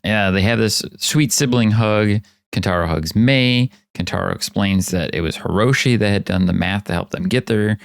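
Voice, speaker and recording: Deep-voiced man chatting casually. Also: moderate pace, vocal fry, few pauses, no echo, studio quality. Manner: animated, acts out quotes. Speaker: podcast host. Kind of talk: casual chat.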